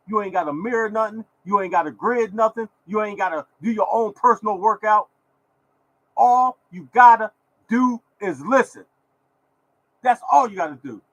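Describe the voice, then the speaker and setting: A man's voice: high-pitched, fairly bright tone, no room sound, low-quality recording. A man hosting his own lottery podcast, talking in a repetitive, preachy way and scolding his listeners. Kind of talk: casual podcast rant.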